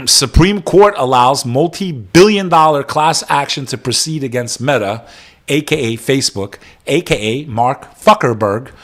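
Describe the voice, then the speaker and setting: A man hosts a live-streamed news-reaction show, sounding like a young adult. His voice sits at an ordinary pitch. He moves between reading headlines aloud and loud, profane, sarcastic rants. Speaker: podcast host reacting to news.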